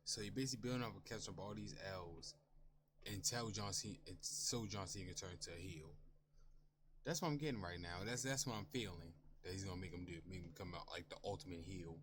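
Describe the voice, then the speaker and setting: A man's voice: sits low, fast, noisy background. A man reacting casually and thinking aloud, repeating himself as he works things out. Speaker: reaction channel host.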